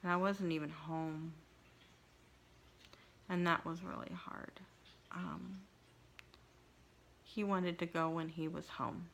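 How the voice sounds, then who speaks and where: A middle-aged woman vlogger telling a personal story in an emotional, halting way, with frequent restarts and pauses. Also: lowish voice, flat delivery, creaky, fairly bright tone. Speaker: craft vlogger.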